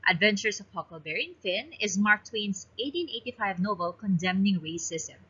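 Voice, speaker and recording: A woman's voice: medium pitch, animated, moderate pace, pushed and bright, breathy edge, dull audio. A woman with a Filipino accent reads exam review questions aloud and explains each answer choice in turn, like a teacher. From Philippines.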